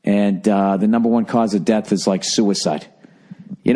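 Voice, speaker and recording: A man's voice: on the low side, steady tone, moderate pace, dark tone. A man hosting a podcast in a casual comedic rant, rambling, sarcastic and heavy on swearing. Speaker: podcast host.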